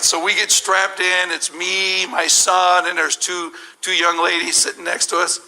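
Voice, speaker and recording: A middle-aged man telling a humorous personal story as a guest speaker at a church service, animated and laughing, with many restarts. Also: high voice, measured pace, vocal fry, a little hiss or hum, poor audio.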